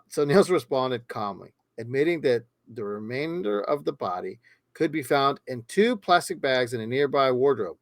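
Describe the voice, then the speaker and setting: Guy reading a true crime case on a podcast, mid pitch, steady, dry close sound. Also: no echo. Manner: steady reading with small stumbles and casual asides.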